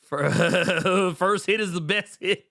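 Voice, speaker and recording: A man's voice: sits high, takes it slowly, fairly bright tone. A man hosting a live stream, chatting casually with viewers in an exclamatory, profane, joking way. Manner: exclamatory, profane, laughing often. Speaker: show host.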